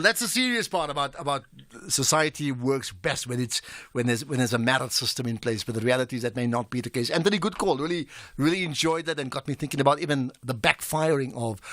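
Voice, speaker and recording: A man's voice: a little high, a bit bright, no room sound, studio quality. A man hosting a live radio talk show, chatty and self-mocking with frequent restarts. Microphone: studio microphone.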